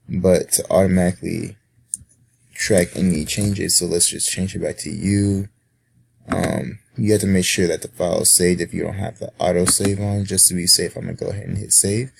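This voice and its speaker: A man talking through a coding tutorial in a relaxed way, with frequent ums and uhs. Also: deep voice, vocal fry, a little hiss or hum. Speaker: instructor. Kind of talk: screen-recorded coding tutorial.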